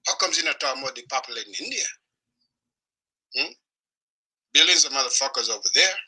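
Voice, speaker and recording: A man delivering an angry, profane weekly rant, swearing constantly and shouting in bursts. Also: medium pitch, expressive, fairly quick, husky, poor audio. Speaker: video blogger.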